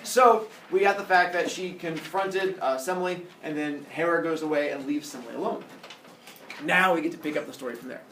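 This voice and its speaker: A man's voice: a little high, brisk, fairly bright tone, a little hiss or hum. A male teacher retelling a myth to his class in a playful, jokey way. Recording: echoey classroom from far off.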